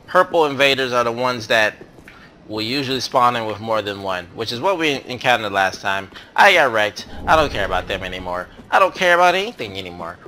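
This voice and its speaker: A man's voice: medium pitch, pushed and bright. A man hosting a let's play, talking through his game in a rambling, self-correcting, chatty way. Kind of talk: casual gameplay commentary.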